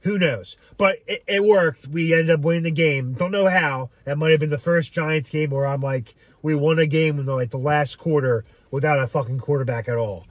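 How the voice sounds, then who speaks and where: A man's voice: fairly high pitch, normal speed, few pauses, no room sound. A man giving a casual fan reaction to a football game, rambling with frequent "um"s and swearing freely. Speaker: sports fan commentator.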